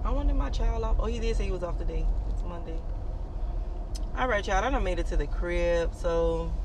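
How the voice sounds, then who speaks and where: A woman chatting casually to her phone camera as a vlogger, blunt and animated, swearing often and laughing as she talks. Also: mid-range voice, slight background noise. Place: car, then home.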